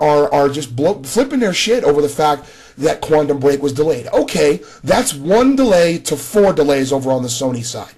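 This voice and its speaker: A man's voice: a little high, a little mellow, slightly rough. A man giving a casual spoken video response, talking straight to another creator with frequent restarts. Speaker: gaming commentator.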